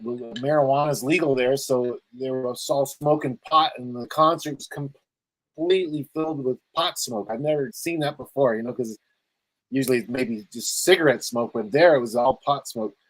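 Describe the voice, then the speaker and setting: A talk show host from Los Angeles talks over a video call in a loose, rambling way. He laughs easily and jumps between stories. His voice sits at a middling pitch, and the sound is close and dry with no room. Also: no echo, rough recording. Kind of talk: casual video call chat.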